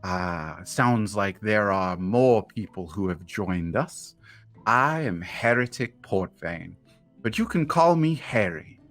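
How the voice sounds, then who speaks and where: A man voicing a polite, formal male host who greets the guests and questions them, with a low voice and a slow, measured pace. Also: lively intonation, fairly bright tone, soft background music, full character voice. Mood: courteous. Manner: courteous, welcoming.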